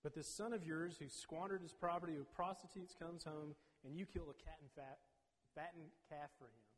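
A man's voice: on the high side, fairly quick, a little mellow, close to an everyday voice. A man voicing a resentful older brother who complains to his father in a raised, strained voice. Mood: indignant. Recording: long reverb.

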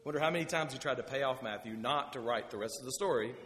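Male pastor, mid-pitched, chatty storytelling sermon, long hall reverb. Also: fast, a bit bright. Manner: conversational storytelling with asides.

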